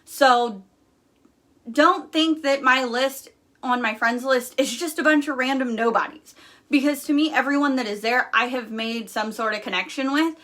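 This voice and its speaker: A woman's voice: high-pitched, normal speed, pushed and bright. A young woman hosting a casual live stream, talking bluntly and candidly with lots of fillers.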